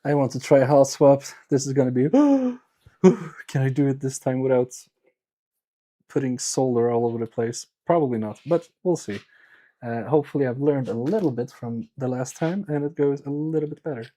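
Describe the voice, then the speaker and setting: Mellow, husky man chatting on a repair stream. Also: mid-range voice, fairly quick, poor audio. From Sweden. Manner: chatty, muttering to himself and to chat. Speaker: livestreamer repairing electronics. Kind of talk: casual live-stream chat while working.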